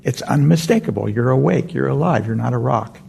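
Speaking gently in a meditation center hall, a male teacher delivers a dharma talk that drifts around as he keeps revising his sentences midway. His medium-pitched voice is gravelly with a breathy edge, brisk in pace and lively in intonation.

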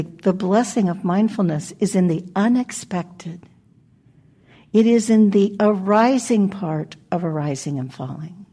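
Gravelly, husky older woman teaching meditation. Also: mid-range voice. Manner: gentle, reflective, with soft laughs and pauses. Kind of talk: dharma talk. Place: meditation hall.

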